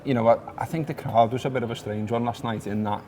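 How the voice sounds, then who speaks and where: A man's voice: mid-range voice, steady tone, quick pace, warm tone, slight background noise. A man with a Liverpool accent, co-hosting a podcast and talking through a football match in a chatty, laid-back way. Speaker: podcast co-host. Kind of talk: casual football chat.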